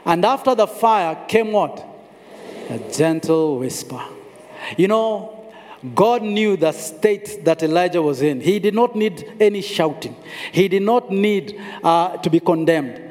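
A man's voice: high voice, measured pace, a little mellow. A man preaching a sermon, telling the story dramatically, acting out the voices and repeating phrases for emphasis. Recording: long hall reverb.

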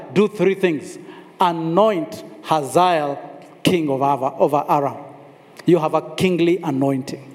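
A man preaching a sermon, telling the story dramatically, acting out the voices and repeating phrases for emphasis. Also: high-pitched. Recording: long hall reverb.

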